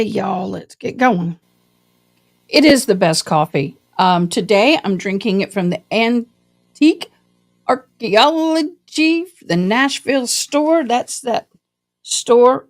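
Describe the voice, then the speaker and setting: A woman from Tennessee hosts a casual livestream, chatting loosely and peppering her talk with "y'all". Her voice sits at an ordinary middle pitch. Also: vocal fry, a little mellow. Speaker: true crime livestream host.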